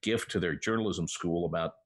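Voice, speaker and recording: Older man, host, video-call chat, rapid delivery, husky voice. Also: sits low. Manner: quick, interjecting, steers the questions. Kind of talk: casual comedy roundtable chat.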